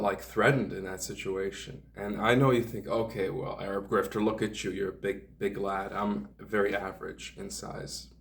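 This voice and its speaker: A man's voice: lowish voice, far from the mic. A man telling a meandering personal story in a sardonic tone, full of hedging asides. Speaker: vlogger.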